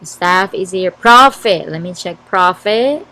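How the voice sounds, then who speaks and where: A woman's voice: fairly low pitch, lively intonation, slow pace, sharp tone, poor audio. A woman with a Filipino English accent, teaching an online class and reading out and checking her students' answers in a word game. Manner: checks answers aloud, encouraging.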